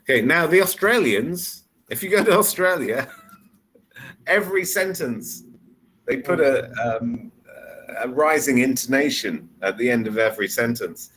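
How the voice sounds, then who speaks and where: A man's voice: mid-range voice, expressive, measured pace, a bit bright, a little hiss or hum, poor audio. A man tutoring English one-on-one over a video call, explaining patiently with repeated examples. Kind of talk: one-on-one online English lesson.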